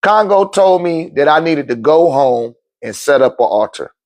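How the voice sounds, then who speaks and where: High, lively-voiced man telling a story. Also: normal speed. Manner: acts out the other people's voices while telling the story, casual and profane. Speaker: speaker at a live talk. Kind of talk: animated personal storytelling.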